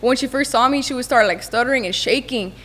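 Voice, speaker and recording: A young woman telling stories in a casual podcast chat, fast and slangy with frequent swearing. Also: on the high side, fairly bright tone, long reverb tail. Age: young adult. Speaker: musician guest.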